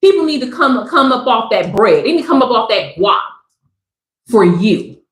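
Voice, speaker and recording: A woman giving a live tarot reading, talking in a loud, slangy, preachy and joking way. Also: fairly high pitch, big pitch swings, normal speed. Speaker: tarot reader. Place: Southern California. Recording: echoey room.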